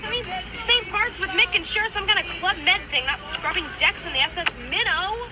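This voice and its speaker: An actress playing a young woman complaining about doing hard chores on a boat, in an old film clip with loud music. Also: very high voice, expressive, takes it slowly, creaky, full character voice. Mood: petulant.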